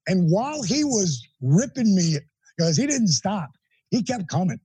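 A middle-aged man, an interview guest, telling a personal story in an animated, emphatic way with blunt language. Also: sits high, a little slow, breathy edge, dry recording, rough recording.

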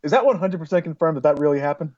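A man's voice: fairly high pitch, expressive, racing, a little mellow, no echo. Amused male co-host, dull dry sound. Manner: amused, laughs often. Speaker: podcast co-host. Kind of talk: casual chat.

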